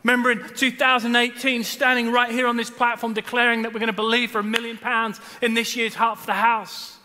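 A man, preaching a sermon and telling stories with loud bursts and hushed asides. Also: extremely high pitch, brisk, long reverb tail. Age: 40s. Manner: animated storytelling, swings between loud bursts and hushed asides. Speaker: pastor. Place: large church hall.

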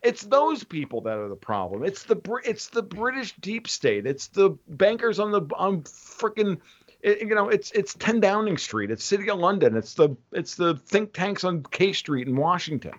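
A man in casual opinionated chat, rambling and animated, restarting often. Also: sits high, moderate pace, muffled recording.

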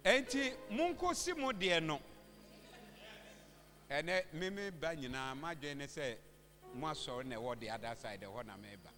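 A Ghanaian man preaches at a convention with a high, sharply bright voice. He leads the room in call-and-response and climbs to shouted, urgent exhortations. His voice rings through a reverberant hall with music playing softly underneath. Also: very animated, measured pace, pauses often. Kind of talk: convention sermon. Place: large church hall. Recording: echoey hall with music behind.

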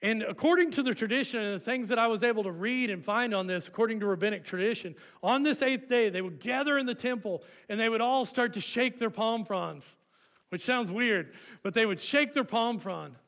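Male preacher, bright high voice, lively, gets the congregation to join in. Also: a little fast. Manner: animated, leads congregation in call-and-response. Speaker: pastor. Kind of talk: sermon.

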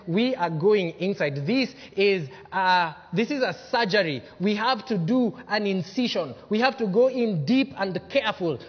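A man preaches a sermon in a high, bright-toned voice, acting out the quotes and swinging from loud to hushed. The sound is dull and lo-fi, with a long reverb trailing each phrase. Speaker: pastor.

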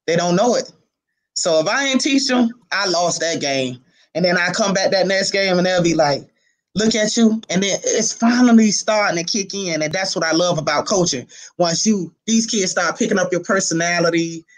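A man from Miami with a high voice for a man, who coaches youth football. He chats casually in an interview and tells animated stories, often breaking into laughter. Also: moderate pace.

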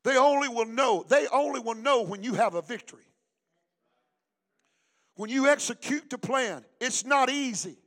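A man pastor preaching a sermon in church, rising into shouts and a sing-song cadence and calling for the congregation to respond. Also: very high voice, moderate pace, long pauses.

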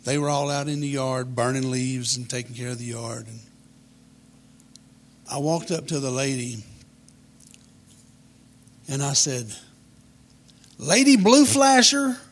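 A man, telling a humorous childhood story in a folksy, deadpan way. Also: mid-range voice, measured pace, long pauses, a little hiss or hum.

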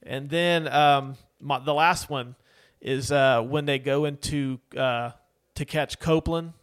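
A man's voice: medium pitch, steady tone, slow pace, clear, resonant tone. A man co-hosting a casual movie podcast, rambling with many fillers and laughs. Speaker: podcast co-host. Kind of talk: casual movie review chat.

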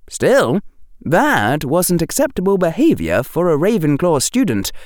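A man reading a fantasy story aloud as narrator, in an expressive, unhurried storytelling manner. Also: mid-range voice, clear, resonant tone, dry recording, studio quality. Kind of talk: audiobook reading of fiction.

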